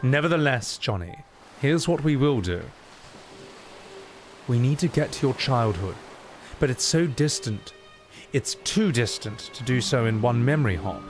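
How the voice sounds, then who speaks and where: A stern, no-nonsense woman doctor who speaks firmly and plainly, read by a man in his own voice. The voice is mid-pitched and steady. Game music plays behind. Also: unhurried, pauses often, close to an everyday voice. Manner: firm and matter-of-fact. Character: stern, businesslike female doctor. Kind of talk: voice acting a game playthrough.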